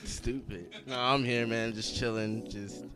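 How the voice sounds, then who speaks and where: A man co-hosting a podcast, talking in a mellow, understated way. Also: medium pitch, steady tone, over music. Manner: mellow, slow-spoken, understated. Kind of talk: casual podcast chat.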